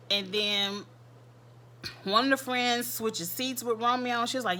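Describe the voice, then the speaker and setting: A woman's voice: medium pitch, moderate pace, sharp tone, a little hiss or hum. A woman hosting a casual recap of a reality show, chatty and repeating her points for emphasis. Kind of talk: casual commentary.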